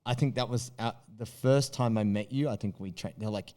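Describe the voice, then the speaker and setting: A man's voice: lowish voice, normal speed, few pauses, mellow. An Australian man in casual chat, joking and bantering with some swearing. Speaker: podcast host.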